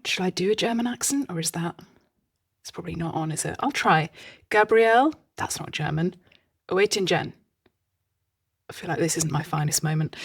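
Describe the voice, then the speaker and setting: A woman hosting a solo podcast, talking casually in a chatty, self-deprecating way with rambling asides. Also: lowish voice. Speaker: podcast host.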